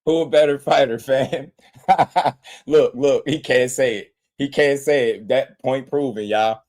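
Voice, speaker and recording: A man's voice: mid-range voice, a little slow, darkish tone. A man hosting a live boxing stream, trash-talking and mocking his chat viewers, laughing often and repeating their names as he taunts them. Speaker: boxing livestream host.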